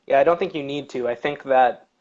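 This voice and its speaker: A man's voice: mid-range voice, fairly quick, darkish tone, dull audio. A man co-hosting a live English Q&A, reading out viewer questions and answering them. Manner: reads viewer questions aloud, then answers at length. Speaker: English teacher, co-host. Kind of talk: live-streamed Q&A chat.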